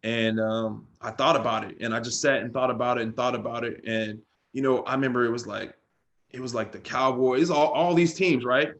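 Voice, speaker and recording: Middle-aged man, podcast guest, casual storyteller, says "man" a lot, average pitch. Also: fairly quick, a bit bright. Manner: loose storytelling, peppered with "man" and "bro". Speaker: guest, former pro football player.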